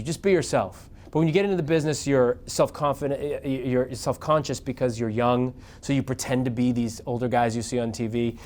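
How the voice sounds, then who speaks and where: A middle-aged man, a news anchor, telling career stories to an audience in a casual, animated way and acting out the voices he quotes. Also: medium pitch. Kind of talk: casual storytelling talk to an audience.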